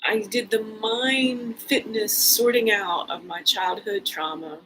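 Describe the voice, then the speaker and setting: A woman delivering a rambling solo video monologue as a posture and movement educator. She is excitable and often trails off into hushed asides. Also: medium pitch, slow pace, slight background noise, rough recording.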